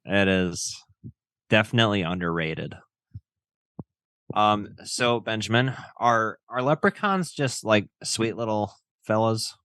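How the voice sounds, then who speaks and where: Laid-back low-voiced male podcast host. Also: slow pace, smooth, no room sound. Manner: relaxed, joking, swears casually. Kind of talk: casual podcast chat and reading stories.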